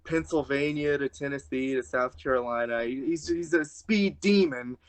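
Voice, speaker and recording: A man's voice: medium pitch, moderate pace. A young man, a wrestler guest, chatting casually on a podcast and telling a rambling story full of "like"s.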